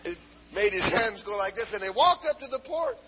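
A man preaching a fervent Pentecostal sermon, punctuating with hallelujahs and "uh" fillers and climbing into shouts, on a dull lo-fi 1970s tape. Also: high-pitched, lively intonation, normal speed, slightly rough.

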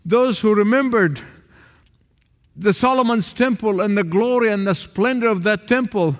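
A man preaching a sermon to a small congregation in a church, emphatic, swinging between raised calls and low, quiet asides. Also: normal speed. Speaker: pastor. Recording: long reverb of a large hall.

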